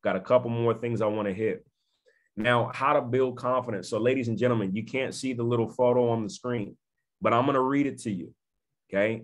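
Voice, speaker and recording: A man giving an emphatic motivational talk on a video call, repeating phrases and often checking in with his listeners. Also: medium pitch. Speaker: network marketing speaker.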